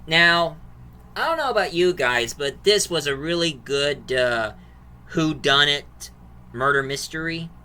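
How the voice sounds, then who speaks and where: Brief: male movie reviewer, casual and rambling, very bright, cutting tone. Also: a little high, lively intonation, a little slow. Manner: rambling plot recap, restarts and fillers.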